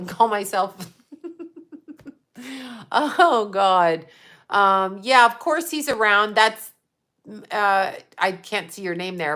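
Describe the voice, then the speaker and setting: Answering viewers on her livestream, a woman in her fifties who works as a psychic medium is blunt, sarcastic and profane, laughing often. Her medium-pitched, slightly bright voice is animated, yet she talks slowly with long pauses.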